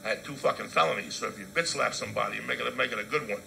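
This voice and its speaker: A middle-aged man telling a stand-up story, profane, swinging from loud outbursts to low asides. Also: very fast, creaky, slight background noise, rough recording. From New Jersey. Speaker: comedian.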